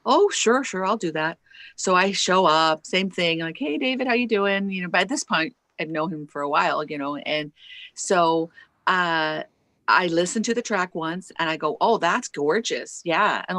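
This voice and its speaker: With a lowish voice and no room sound, this female singer and songwriter guests in an online interview. Speaking into a lapel mic, she tells casual stories with animation, laughing as she acts out people's quotes.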